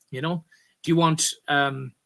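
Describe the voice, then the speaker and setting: A man's voice: fairly high pitch, fairly even intonation, slow pace, gravelly, pushed and bright. An Irish man hosting a political commentary, talking in a rambling way, often correcting himself and pushing hard on key words. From Ireland. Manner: rambling, stops to correct himself, emphatic bursts. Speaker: commentary host.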